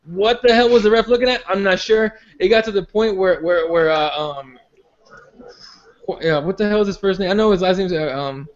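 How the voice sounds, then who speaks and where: High-voiced rambling podcast host, lo-fi. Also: male voice, moderate pace. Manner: rambling, many restarts and fillers. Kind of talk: casual chat. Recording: dull lo-fi sound.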